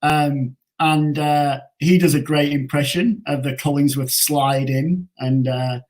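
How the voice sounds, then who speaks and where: A man's voice: fairly high pitch, fairly even intonation, slow pace, a little mellow. An Australian man co-hosting a casual sports chat, rambling and stumbling over names. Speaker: podcast co-host.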